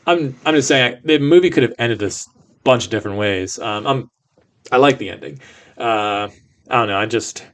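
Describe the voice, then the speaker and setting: A man's voice: medium pitch, brisk, fairly bright tone. A man co-hosting a podcast, chatting casually about a movie, rambling with many fillers and restarts. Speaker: podcast co-host. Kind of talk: casual movie review chat.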